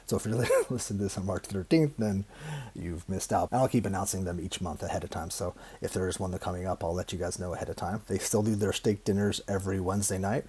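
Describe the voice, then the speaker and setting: Husky, chatty male podcast host. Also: sits low, quick pace, mellow. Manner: chatty, upbeat, loose with restarts. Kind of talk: casual chat.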